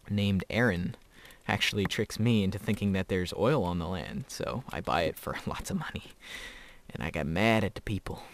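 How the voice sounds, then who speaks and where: A man's voice: fairly low pitch, gravelly. A teenage boy giving casual, rambling gameplay commentary, chatty and often breaking into laughter. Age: teens. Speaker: gamer.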